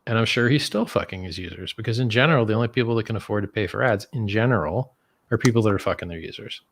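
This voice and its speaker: A man talking as a guest on a live stream, animated and profane, laughing at how absurd things get. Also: on the low side, fast. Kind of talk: casual chat on a live stream.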